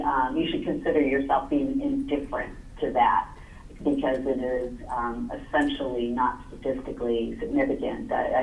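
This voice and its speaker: Gravelly woman presenting, far from mic. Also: a bass voice. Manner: measured, explanatory, many "um" and "uh" fillers. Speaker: investment consultant presenting to a retirement board. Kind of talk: explanatory presentation at a public board meeting. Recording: echoey meeting room, distant mic, faint noise.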